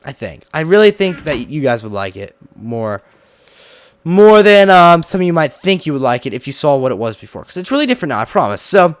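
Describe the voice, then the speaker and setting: Lively, rambling young-sounding gaming host. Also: male voice, fairly high pitch, brisk, smooth, no room sound. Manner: rambling, chatty, heavy use of "like". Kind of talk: casual gameplay commentary.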